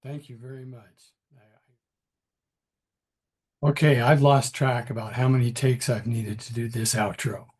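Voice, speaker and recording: A man, an author hosting a casual interview, asking rambling, drawn-out questions. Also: mid-range voice, fairly even intonation, darkish tone, breathy edge. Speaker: author and host.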